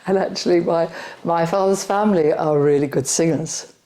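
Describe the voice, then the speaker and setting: An older woman from West London, speaking in an interview with a softened London accent, rounded vowels and a chatty manner that breaks into laughs. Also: fairly low pitch, normal speed. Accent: London English softened by elocution lessons. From West London, England. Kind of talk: casual interview talk.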